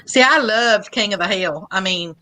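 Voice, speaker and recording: A woman co-hosting a casual live panel chat, blunt and quick to laugh. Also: medium pitch, sharp tone.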